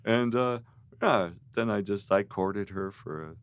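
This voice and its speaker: A middle-aged man, a guest musician, telling animated, rambling stories in a podcast interview. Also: sits low, measured pace, no echo. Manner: animated storyteller, rambling with restarts.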